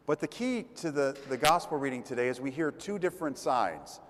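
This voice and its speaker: A man's voice: medium pitch, lively intonation, brisk, hardly any pauses. A man giving a conversational sermon as a priest, retelling gospel stories and acting out the crowd's voices. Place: church. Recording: long church reverb.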